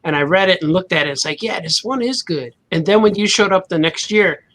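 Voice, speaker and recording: A man co-hosting a podcast who recalls old memories in a relaxed, easygoing way and often lets his voice drop at the ends of phrases. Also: sits high, a little fast, rough recording. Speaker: podcast co-host. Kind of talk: casual chat.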